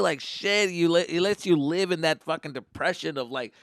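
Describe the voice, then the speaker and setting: Profane rambling comedian, somewhat high voice. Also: male voice, normal speed, a bit bright, dry recording, studio quality. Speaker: comedian podcast host. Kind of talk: comedic storytelling.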